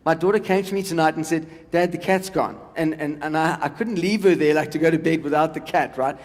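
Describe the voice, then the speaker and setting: A man in his forties doing stand-up, his voice pitched notably high for a man. He chats loosely with the crowd, and his words ring out with a long echo across a large hall. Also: fast talker. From South Africa. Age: 40s. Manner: chatty crowd work with the audience. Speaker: stand-up comedian. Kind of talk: stand-up comedy. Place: large event hall with a live audience.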